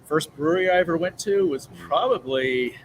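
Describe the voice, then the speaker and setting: A man's voice: a little high, moderate pace, a little hiss or hum, low-quality recording. A man who co-owns a brewery, answering interview questions on a video call from his brewery, thinking aloud with hesitant starts. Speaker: brewery co-owner, guest. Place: working brewery.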